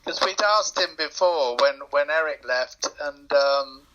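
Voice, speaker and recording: Bright soft-spoken English older man. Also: on the high side, measured pace, highs cut off. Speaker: guest musician. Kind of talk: interview answers. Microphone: remote call.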